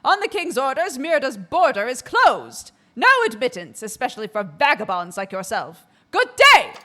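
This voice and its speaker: A woman's voice: a little high, very animated, normal speed, voice pushed up, exaggerated voice. A woman voicing a bossy male gate guard who barks his orders. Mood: barking. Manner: barking, loud and curt.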